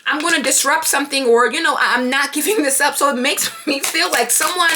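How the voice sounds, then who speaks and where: A woman doing a tarot card reading, animated and thinking aloud as she pulls cards. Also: high-pitched, fairly quick, few pauses, very noisy. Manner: animated, talking to herself while pulling cards. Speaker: tarot reader.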